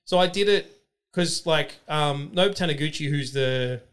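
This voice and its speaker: A man telling excited stories in casual chat, swearing freely and using lots of fillers. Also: fairly high pitch, moderate pace, smooth. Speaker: podcast guest.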